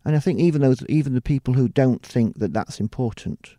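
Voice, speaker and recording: Rambling middle-aged British man, mellow voice. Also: medium pitch, fairly quick, no room sound, studio quality. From United Kingdom. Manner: rambling, many restarts and "you know"s. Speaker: TV presenter and producer. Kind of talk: casual interview talk.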